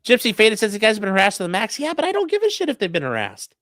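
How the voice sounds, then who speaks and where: A streamer offers casual legal commentary while reading chat, blunt, profane and mocking, lurching between loud outbursts and low muttering. The pitch swoops wildly and the delivery is fast. The recording is dry and of studio quality.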